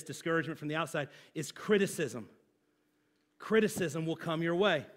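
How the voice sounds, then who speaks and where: A man's voice: fairly high pitch, a bit bright. A man, a pastor, preaching a sermon in a conversational, emphatic way with everyday examples.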